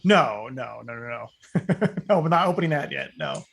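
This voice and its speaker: A man's voice: mid-range voice, animated, normal speed, creaky, fairly bright tone. A man playing a tabletop game online, chatting casually and laughing between his words. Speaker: player.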